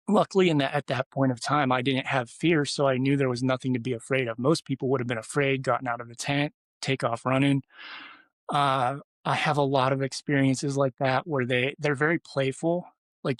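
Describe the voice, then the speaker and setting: A man's voice: medium pitch, fairly even intonation, normal speed, no echo. Man rambling through a story, dry sound. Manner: rambling, with many restarts and fillers. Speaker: podcast guest. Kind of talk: storytelling in casual conversation.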